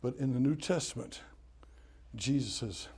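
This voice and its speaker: A man's voice: mid-range voice, normal speed, warm tone, husky. An older man from Tennessee with a Southern accent, preaching a sermon in a folksy, humorous storytelling way.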